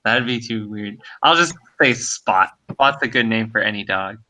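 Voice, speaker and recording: A man's voice: fairly low pitch, moderate pace, sharp tone, poor audio. A man narrating a tabletop game as dungeon master, hesitant with many fillers.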